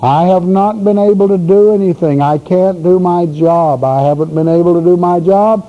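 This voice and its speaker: A preacher putting on a whining, complaining demon. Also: male voice, high-pitched, moderate pace, pitched above the performer's own voice, lightly acted. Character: complaining demon, male spirit of profanity. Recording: dull lo-fi recording with faint hiss.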